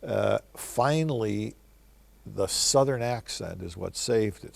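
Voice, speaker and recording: A man's voice: fairly low pitch, normal speed, creaky, a little mellow. An older man, a film director, telling wry, reflective stories in answer to interview questions.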